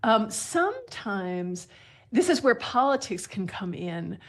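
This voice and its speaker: A woman's voice: medium pitch, very animated, takes it slowly. A woman guest on a radio call-in show, explaining language in a friendly, lightly laughing way.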